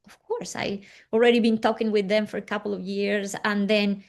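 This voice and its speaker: A woman's voice: mid-range voice, little pitch movement, fairly quick. A woman guest in an interview, earnestly telling a personal story with slightly non-native phrasing and acting out what others said. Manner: earnest, acting out quoted dialogue.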